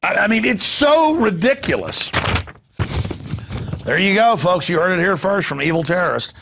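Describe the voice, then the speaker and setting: A man's voice: high-pitched, very animated, normal speed, vocal fry, background noise. A man from the United States hosting a talk show, ranting with sarcastic, mocking asides. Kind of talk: talk radio rant.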